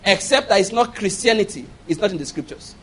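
A man's voice: high voice, expressive, fairly quick, a bit bright, slight background noise. A man preaching a sermon, driving points home with repetition and call-and-response questions to the congregation. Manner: emphatic call-and-response preaching, repeating key phrases.

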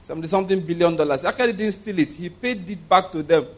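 A man gives a sermon in a fairly high voice. He keeps checking whether his listeners are following, then leads them in repeating lines after him, laughing as he goes. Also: fast. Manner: asks the congregation if they hear him, leads call-and-response with laughs. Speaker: pastor.

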